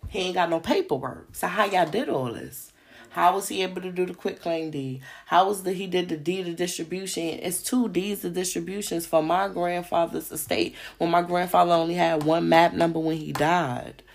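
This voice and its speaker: A woman's voice: lowish voice, moderate pace, vocal fry. A woman host delivering a heated, profane monologue on her podcast, hammering rhetorical questions. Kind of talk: ranting monologue.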